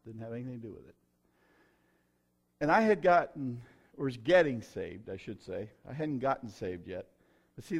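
Man, middle-aged, folksy sermon testimony, emphatic loud bursts, mid-pitched voice. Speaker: preacher.

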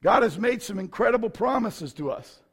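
A man's voice: high voice, expressive, moderate pace, husky. A middle-aged man, a pastor, preaching a sermon with folksy stories and bursts of fervor.

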